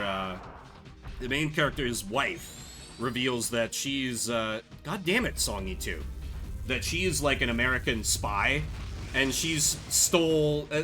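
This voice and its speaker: A man's voice: mid-range voice, sharp tone. A young man streaming a game, telling rambling stories full of fillers in a casual chat. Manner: chatty, rambling storytelling with many fillers. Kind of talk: casual gameplay commentary.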